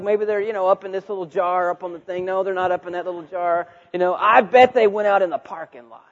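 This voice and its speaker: A man's voice: high voice, fast, few pauses, dull audio. A man preaching a sermon, telling a story and acting out the voices in it. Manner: animated, acts out voices in his story.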